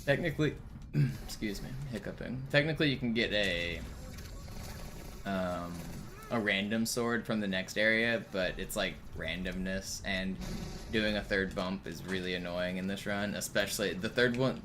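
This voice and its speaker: Low-voiced young man rambling on stream. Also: moderate pace. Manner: rambling, profane, filler-heavy storytelling. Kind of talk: casual gaming stream chat. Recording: steady background noise.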